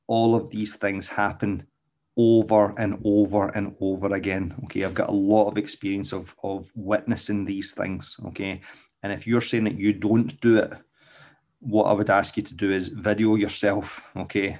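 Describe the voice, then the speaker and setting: Male podcast host and dog trainer, low voice, casual, stumbles and restarts, ends points with "okay?". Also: darkish tone. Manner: tags nearly every point with "okay?". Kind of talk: casual explanatory podcast talk.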